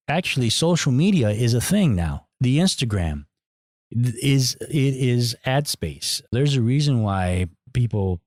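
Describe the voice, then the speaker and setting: A middle-aged man hosting a podcast, giving a blunt, profane, animated monologue. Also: medium pitch, dry recording, clean studio sound. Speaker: podcast host. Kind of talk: casual opinionated monologue.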